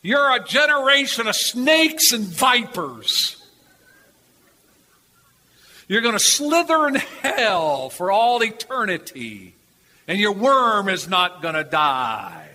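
A fiery male street preacher thunders slowly at the crowd, as an older man puts him on. His voice is high and bright. It rings through a reverberant hall with a faint hum behind it. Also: big pitch swings, heavily acted. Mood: thundering. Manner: slow, thundering hellfire preaching.

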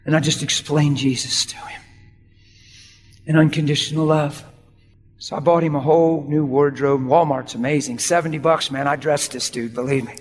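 A man's voice: a little high, normal speed, in a large hall. A man preaching a storytelling sermon, acting out the people in his story and laughing often. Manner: animated, acts out dialogue, laughs often.

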